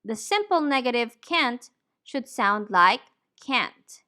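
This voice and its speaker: A woman teaching English pronunciation, saying each word deliberately and clearly. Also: sits high, lively intonation, pushed and bright. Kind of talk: slow, careful pronunciation lesson.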